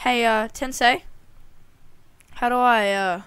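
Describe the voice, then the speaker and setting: An Australian woman with a fairly high voice keeps up playful running commentary while she plays a game. She talks straight to the characters on screen and jokes along in a chatty way. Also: fairly even intonation, slow, fairly bright tone, clear, resonant tone, no room sound. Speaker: gaming channel host. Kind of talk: let's play commentary.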